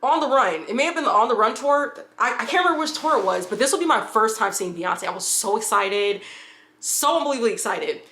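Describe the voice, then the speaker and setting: Woman from upstate New York, bright and a bit high, casual storytime, roomy echoey sound. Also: lively intonation, fairly quick. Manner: rambling with restarts and asides.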